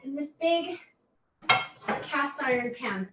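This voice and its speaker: Chatty high-voiced woman in echoey kitchen. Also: expressive, slow pace, noisy background. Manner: chatty, giggly, cooks while talking. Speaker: host cooking live. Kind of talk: casual live cooking chat. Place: home kitchen.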